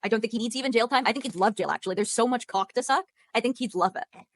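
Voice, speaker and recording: Insistent fast-talking woman debating. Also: on the high side, dry recording. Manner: insistent, repeats herself, firm accusations. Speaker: debate panelist. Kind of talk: heated debate.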